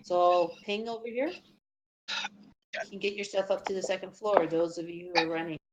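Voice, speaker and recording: A woman running a tabletop game as game master, calling out rolls and rules in a brisk, instructive way. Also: lowish voice, fairly even intonation, highs cut off, heavy background noise.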